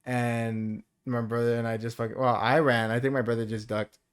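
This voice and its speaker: A man's voice: medium pitch, flat delivery, normal speed, a crowd in the background. Laid-back man swearing through casual chat. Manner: laid-back, swears a lot, laughs often. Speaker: podcast co-host.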